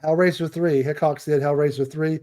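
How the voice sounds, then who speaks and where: A man's voice: a little high, steady tone, a little fast, dark tone. A man co-hosting a film podcast, chatting casually in an easygoing, rambling way. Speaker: podcast co-host. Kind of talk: casual film-review chat.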